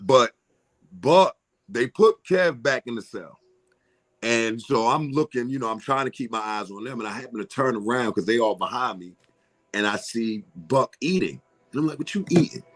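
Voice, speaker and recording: In a mid-range voice at a moderate pace, a middle-aged comedian from Philadelphia, USA, shares stories during a casual interview. The guest is an animated storyteller, voicing characters and laughing frequently.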